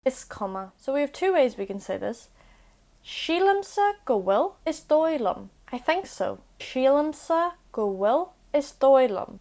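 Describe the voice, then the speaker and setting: A woman's voice: on the high side, a little mellow. A young woman hosting a casual language lesson, with chatty, self-deprecating asides. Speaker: language video host.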